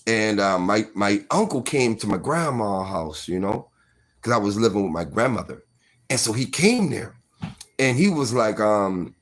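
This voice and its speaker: A man in his forties telling a personal story casually, full of fillers like "you know what I mean". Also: medium pitch.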